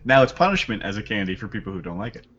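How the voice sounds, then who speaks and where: A lower-voiced man at a game table teases the others and laughs often. His pitch swings widely as he talks, and the sound is dull and lo-fi. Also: big pitch swings, rapid-fire, a bit bright, slight background noise. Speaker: player. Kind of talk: casual tabletop game chat.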